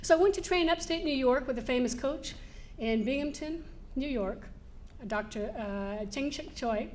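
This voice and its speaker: A woman giving a keynote speech to a live audience, telling lively personal stories, laughing now and then and acting out the scenes. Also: high-pitched. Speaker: motivational speaker. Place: event hall before a live audience.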